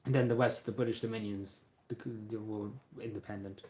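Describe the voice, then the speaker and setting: A young Irish man talking casually as he answers viewer questions, halting often with ums and repeating his phrases. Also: lowish voice, steady tone, mellow, a little hiss or hum. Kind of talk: casual Q&A monologue.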